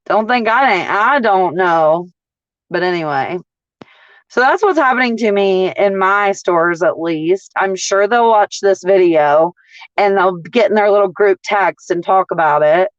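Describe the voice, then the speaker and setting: A woman, ranting in a casual livestream as a couponing vlogger, blunt, profane and animated as she tells stories. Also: medium pitch, a little slow, no room sound, muffled recording.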